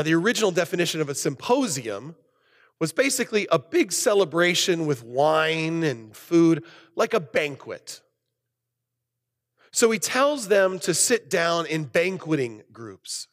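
A pastor preaches a sermon in an animated style, his voice swinging between loud emphasis and soft, low asides. The sound has a big-room quality.

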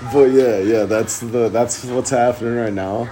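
A young man hosting a casual podcast, high and rambling, with lots of swearing and giggling. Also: fairly even intonation, measured pace, mellow. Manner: rambling, profane, giggly stoner talk. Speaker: podcast host. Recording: noisy amateur room recording.

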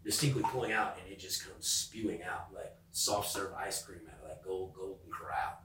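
A man's voice: sits low, normal speed, heavy background noise. A man hosting a podcast, telling crude, profane stories in casual chat. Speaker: podcast host. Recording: roomy, distant mic.

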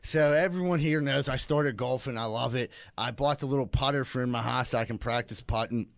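A man hosting a casual podcast, telling a wry everyday story in a relaxed way. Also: medium pitch, a little fast, gravelly, no room sound, clean studio sound. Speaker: podcast host.

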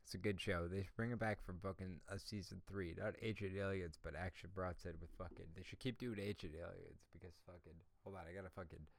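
Man hosting a solo podcast, low voice, foul-mouthed ranting, close dry mic. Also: steady tone, a little fast, gravelly, few pauses, dry recording. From Canada. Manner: swears constantly, ranting, says "bro" and "dog". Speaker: podcast host. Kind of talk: profane solo podcast rant.

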